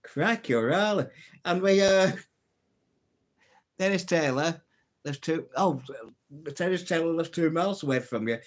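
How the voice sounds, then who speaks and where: A man's voice: on the high side, lively intonation, a little slow, long pauses. A man hosting a casual live stream, telling old jokes, reading out viewer comments and laughing at his own punchlines. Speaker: livestream host.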